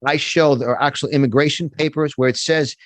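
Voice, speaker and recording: A man's voice: fairly high pitch, fairly even intonation, fairly quick, no room sound. A man, a motivational speaker and guest, talking in a fired-up, emphatic way and often repeating words, from his home studio. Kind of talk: animated interview talk.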